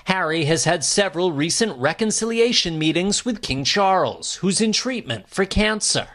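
A man reading a scripted TV news report in a measured, formal way. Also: sits high, animated, fairly bright tone. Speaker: news correspondent.

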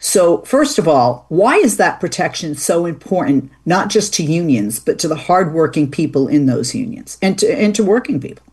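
Husky low-voiced woman hosting a talk show. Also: very animated, moderate pace, few pauses, darkish tone. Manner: chatty, with fillers and restarts. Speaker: radio talk show host. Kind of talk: casual talk show interview.

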